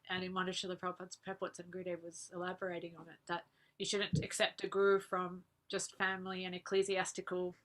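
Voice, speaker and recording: A woman, earnestly recalling personal memories as a guest speaker, laughing softly now and then. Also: lowish voice, completely flat delivery, fast. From Australia. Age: 40s. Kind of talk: personal reminiscence talk.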